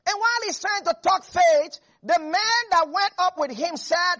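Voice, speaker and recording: A preacher giving an animated sermon, repeating lines for emphasis and laughing often. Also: very high voice, moderate pace, few pauses. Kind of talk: lively sermon.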